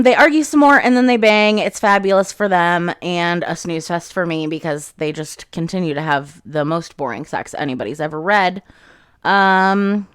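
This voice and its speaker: A woman giving a casual, chatty recap of a fantasy novel, with sarcastic asides and quick acted-out quotes. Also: on the low side, dry recording, studio quality. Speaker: book reviewer. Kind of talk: casual chapter-by-chapter book recap.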